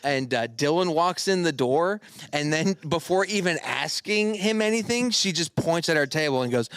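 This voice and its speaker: A man with a somewhat high, bright voice hosts a casual podcast, trading crude jokes and rambling stories. The sound is dry and close, with no room around it. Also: expressive, moderate pace, clean tone, no echo. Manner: crude, joking storyteller. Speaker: podcast host.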